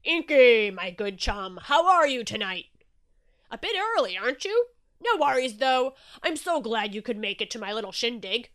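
A woman voicing a jovial male shark who hosts a party, in a storybook reading, booming and effusive. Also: sing-song, moderate pace, a bit bright.

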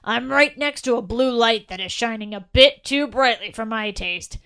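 A woman's voice: a little high, moderate pace, sharp tone, clear, resonant tone. A woman voicing a kind gingerbread man ornament with a crumbly voice. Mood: calm.

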